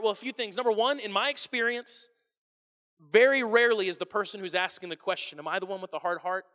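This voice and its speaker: A man preaching a sermon as pastor, animated and conversational, often restarting his phrases. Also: sits high, fast, in a large hall.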